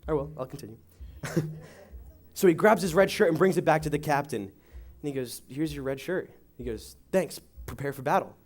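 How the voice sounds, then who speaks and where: A man's voice: on the high side, moderate pace. A young man giving a youth sermon, telling a joke story with acted-out voices before praying and reading. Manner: animated storytelling, acting out voices. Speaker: youth pastor. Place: church youth service.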